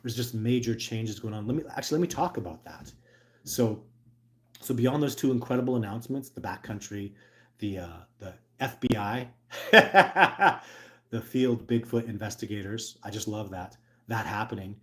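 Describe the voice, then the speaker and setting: A man's voice: lowish voice, moderate pace. A middle-aged man hosting a casual livestream, talking earnestly and rambling, with lots of restarts and filler words. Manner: bursts into loud excited put-on exclamations. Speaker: host.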